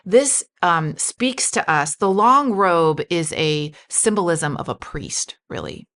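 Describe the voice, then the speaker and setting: A woman's voice: lowish voice, big pitch swings, takes it slowly, a bit bright. A woman pastor talking through a Bible passage in a podcast conversation, reading verses aloud and asking guiding questions. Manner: reads scripture aloud, asks guiding questions.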